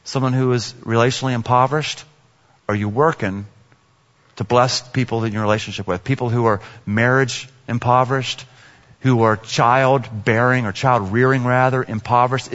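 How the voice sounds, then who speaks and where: A man preaching a sermon as a pastor, animated and joking, acting out little scenes and voices. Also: medium pitch, normal speed. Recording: dull sound with long hall reverb.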